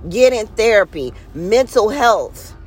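With a medium-pitched, slightly rough voice and big pitch swings, a podcast host addresses her listeners in an unhurried, heartfelt monologue. It's casual and inspirational: she stresses and draws out key words, earnest and faintly preachy in her encouragement. Her delivery stays slow and deliberate.

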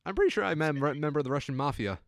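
A man's voice: fairly high pitch, rapid-fire, vocal fry, a little hiss or hum. A young man co-hosting a casual podcast, telling a story with wry asides. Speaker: podcast co-host.

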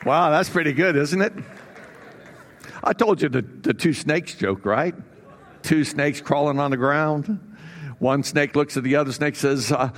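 A man's voice: a little high, animated, measured pace. A middle-aged man preaching a sermon as pastor, folksy and jokey, with many fillers.

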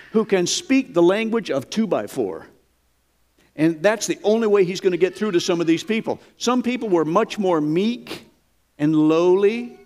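A man's voice: high-pitched, darkish tone. A man preaching a sermon in an emphatic, folksy way, with dramatic quoted lines.

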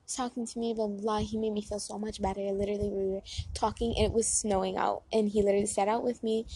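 A woman's voice: mid-range voice, flat delivery, fast, dark tone, husky, low-quality recording. A woman in her twenties giving dating advice in a rambling, chatty way, full of fillers and asides, talking outdoors near a road. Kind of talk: casual chat.

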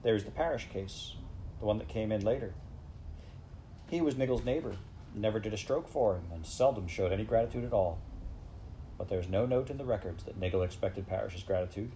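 A gentle, authoritative voice pleads kindly, as a man reading an audiobook puts it on. The tone is low and mellow, firm but not soft. It sounds hopeful and sad at once. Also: brisk, slight background noise, lightly acted, poor audio.

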